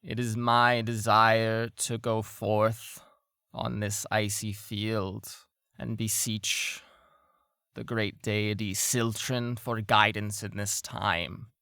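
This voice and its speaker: A man doing a slow, solemn priestess. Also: fairly low pitch, level tone, creaky, pushed and bright, clean tone, no echo, clean studio sound, exaggerated voice. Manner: slow, grave, measured. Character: solemn robed female priest keeper.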